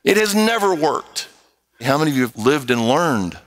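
Bright, high-voiced preacher. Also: male voice, moderate pace, rough recording. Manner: animated, acts out quoted voices. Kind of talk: sermon.

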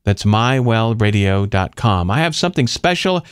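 A man's voice: fairly low pitch, animated, normal speed, no room sound, clean studio sound. A man hosting a Christian radio show, giving an upbeat announcement. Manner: upbeat, smooth announcer delivery. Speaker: radio host.

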